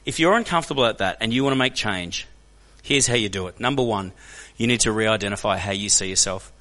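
An Australian man telling stories as a guest speaker to a church crowd, animated and joking, often putting questions to the audience. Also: lowish voice, fast talker. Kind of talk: energetic storytelling talk to a church audience. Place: church hall.

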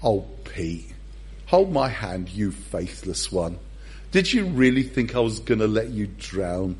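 A man voicing a gentle, fond Jesus who teases and reassures a friend in a soft, coaxing way. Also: lowish voice, expressive, takes it slowly, breathy edge, voice pushed down, full character voice. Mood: tender.

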